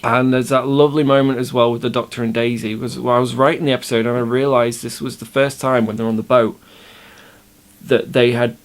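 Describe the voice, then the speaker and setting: A man, the show runner and writer, talking casually about his episodes, explaining with enthusiasm and frequent restarts. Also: mid-range voice. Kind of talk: casual behind-the-scenes commentary.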